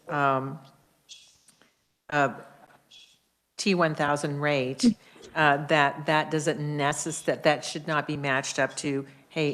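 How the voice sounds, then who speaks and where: A low-voiced woman speaks as a state senator questioning a witness at a committee hearing. She gropes for her words, breaks off, and restarts her sentences many times. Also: a bit bright.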